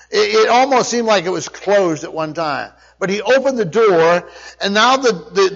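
Male preacher, high voice, explanatory teaching sermon, dull lo-fi sound. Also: a bit bright. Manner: explanatory, questions to the congregation. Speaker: Bible teacher.

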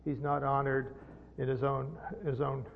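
A middle-aged man preaching a sermon as pastor, earnest and halting, with repeated words, rising to emphatic peaks. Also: medium pitch, level tone, creaky, a little hiss or hum. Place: church sanctuary. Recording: dull sound with long hall reverb.

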